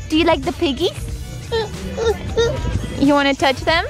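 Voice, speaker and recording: A woman's voice: high voice, normal speed, long pauses. A young woman chatting casually to the camera in a family vlog, bubbly and talkative, often cooing in baby talk to her little daughter. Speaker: vlogger mother. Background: loud background music.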